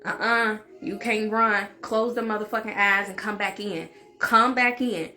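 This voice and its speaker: Picture a blunt inner spirit voice that scolds and gives orders in short, cussing bursts, put on by a woman telling a story. The voice sits in the middle range and holds no surprises in pitch. It drills its commands home again and again. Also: steady tone, measured pace, bright, forceful tone. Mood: commanding.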